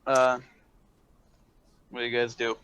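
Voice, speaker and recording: A man running a tabletop game as game master, narrating with halting fillers. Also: mid-range voice, completely flat delivery, fairly bright tone, highs cut off, a little hiss or hum. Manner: halting, many fillers and restarts.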